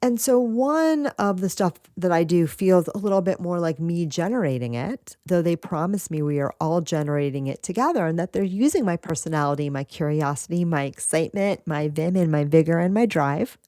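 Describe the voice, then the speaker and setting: A woman hosting a spiritual podcast, talking casually with lively asides and frequent laughs. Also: fairly low pitch, a little fast, hardly any pauses, dry recording, clean studio sound. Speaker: podcast host.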